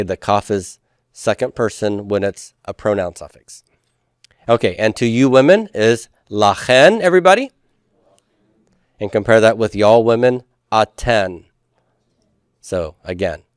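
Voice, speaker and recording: A man teaches a class at an unhurried pace. His voice is smooth and clear, and the sound is dry, with no room echo. He patiently leads the students through call-and-response practice. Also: mid-range voice. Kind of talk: classroom lecture.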